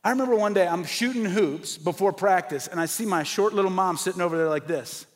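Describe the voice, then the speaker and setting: Male pastor, high tenor, emphatic conversational preacher, church hall reverb. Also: fairly quick. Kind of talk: sermon.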